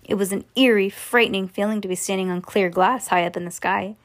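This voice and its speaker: A woman casually reading a storybook aloud to children, relaxed and sometimes stumbling over words. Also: medium pitch, a little fast. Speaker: reader to children.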